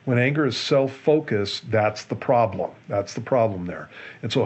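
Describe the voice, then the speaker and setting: A man, a pastor, explaining a Bible passage in a relaxed Q&A show, earnest and often restarting and repeating his words. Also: lowish voice, moderate pace, husky, muffled recording. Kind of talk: conversational Bible teaching in a Q&A show.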